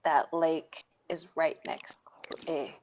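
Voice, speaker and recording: A charming, eccentric male storyteller in a tabletop game, played by a woman, spinning rambling tales with theatrical flair. His voice sits slightly low. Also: flat delivery, slow pace, a little mellow, slight background noise, rough recording. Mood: conspiratorial.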